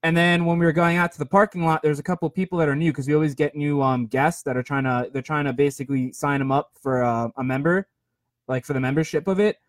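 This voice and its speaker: A man's voice: a little high, fairly even intonation, fast, no room sound. Chatty young man, dry close sound. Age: 20s. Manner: rambling, filler-heavy, self-deprecating. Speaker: podcast host. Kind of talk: casual storytelling monologue.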